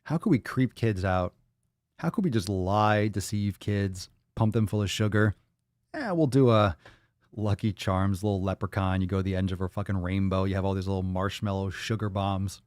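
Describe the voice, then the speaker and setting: A man's voice: low-pitched, moderate pace, a little mellow, dry recording, clean studio sound. A man hosting a fitness podcast, chatting crudely and joking as he reads out comments from home. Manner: profane, laughing, jokey. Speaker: podcast host. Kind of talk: crude casual chat reading viewer comments. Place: small room at home.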